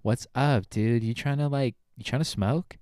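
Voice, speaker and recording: A man's voice: mid-range voice, normal speed, dark tone, no echo, clean studio sound, close to an everyday voice. A man doing a drawling California surfer dude. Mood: laid-back. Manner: drawling, stoner-ish. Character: laid-back young Californian surfer dude.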